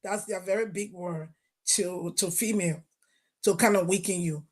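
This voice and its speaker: A woman's voice: fairly low pitch, fairly even intonation, normal speed, a little mellow, slightly rough. Liberian woman on a panel call, stern and emphatic, audio keeps cutting out. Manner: firm, emphatic storytelling. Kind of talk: livestream panel discussion. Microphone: remote call connection cutting in and out.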